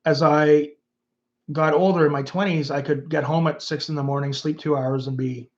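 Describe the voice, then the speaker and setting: A man's voice: on the high side, steady tone, moderate pace, lo-fi sound. A Canadian man in his fifties, chatting loosely on a livestream and reading out viewer comments. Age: 50s. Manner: rambling, reads viewer comments aloud. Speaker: YouTube host. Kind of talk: casual livestream chat.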